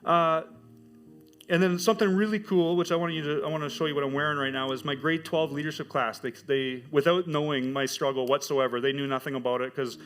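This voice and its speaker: Man, middle-aged, church testimony, animated storyteller, faint background music. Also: fairly high pitch, fairly quick. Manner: animated storytelling, acts out quoted voices. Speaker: high school teacher giving a testimony.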